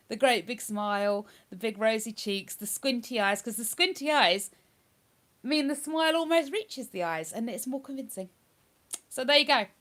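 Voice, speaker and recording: A woman talks casually on a live stream, reading out comments from chat and replying to them. Her voice sits a little high and sounds bright and forward. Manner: chatty, reads viewer comments aloud and answers them.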